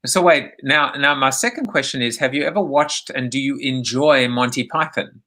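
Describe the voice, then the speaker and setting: Male live-show host with a bright, forceful voice; loose and jokey, rambles while reading viewer comments on a video call. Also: mid-range voice, normal speed. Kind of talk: casual live video chat.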